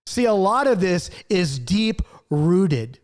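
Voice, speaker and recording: A man with a fairly high voice gives an impassioned Bible study to camera. He swings from loud acted-out outbursts down to quiet, earnest asides. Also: big pitch swings, takes it slowly. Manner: acts out quoted outbursts, swings between loud and hushed. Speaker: Bible teacher.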